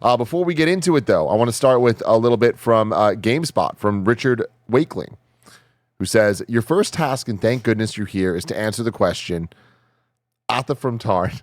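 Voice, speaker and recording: A man's voice: lowish voice, expressive, fairly quick, no echo. Man hosting, dry close sound. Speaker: podcast host. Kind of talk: reading a review aloud, panel chat.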